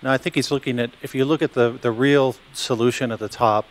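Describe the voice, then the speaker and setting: A man's voice: mid-range voice, fairly even intonation, brisk. Man relaying an audience question.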